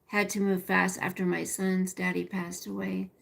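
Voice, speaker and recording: A woman's voice: fairly low pitch, level tone, normal speed, vocal fry, fairly bright tone. A middle-aged woman hosting a casual livestream, rambling and chatty as she talks to viewers by name and reads their comments. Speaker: livestream host.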